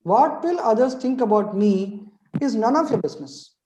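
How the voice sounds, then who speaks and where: A man's voice: high-pitched, expressive, moderate pace, mellow, echoey room, a little hiss or hum, poor audio. A middle-aged man giving a motivational webinar lecture as a trainer. He asks rhetorical questions and keeps checking in with "right?".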